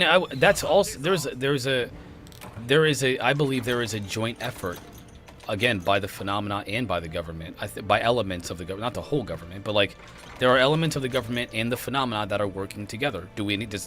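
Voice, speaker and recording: A man's voice: lowish voice, fast, sharp tone, soft background music. A man hosting a casual podcast, rambling and often restarting his sentences. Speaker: podcast host. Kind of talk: casual conspiracy podcast chat.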